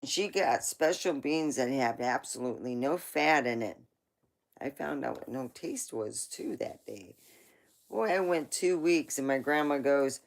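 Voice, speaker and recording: A woman's voice: extremely low pitch, animated, a little slow, vocal fry. A woman hosting a livestream, telling rambling family stories in a chatty way with asides. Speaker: livestream host. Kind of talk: casual storytelling.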